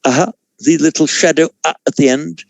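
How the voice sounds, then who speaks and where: A man teaching a Sanskrit class over a video call, explaining pronunciation in a measured way with frequent self-corrections. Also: a little high, fairly even intonation, vocal fry, no room sound. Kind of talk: online class lecture.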